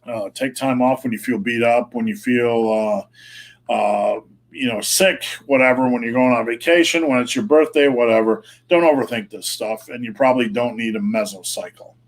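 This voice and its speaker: A man's voice: medium pitch, normal speed. A middle-aged man, a fitness coach, answering viewer questions on a live stream in a blunt, plain-spoken way.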